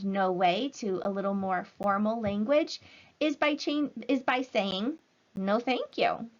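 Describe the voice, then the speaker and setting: A woman teacher giving a recorded language lesson to children, speaking slowly and clearly in an encouraging way. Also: medium pitch, faint music behind. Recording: slightly dull lo-fi audio.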